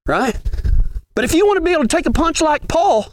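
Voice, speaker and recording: A man's voice: very high voice, very animated, brisk. A man preaching a folksy sermon at a ranch gathering, asking the room questions as he goes.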